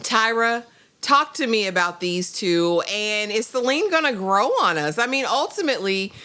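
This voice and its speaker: A woman co-hosting a casual TV review chat, talking in a sassy, playful way with quick asides. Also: medium pitch, animated, sharp tone. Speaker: co-host.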